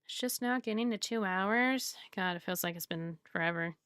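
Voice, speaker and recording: Female streamer from the South, casual rambling chat, bright tone, dry close sound. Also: medium pitch, moderate pace, smooth, dry recording. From Southern United States. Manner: chatty and rambling, reads chat aloud, laughs often. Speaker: art streamer.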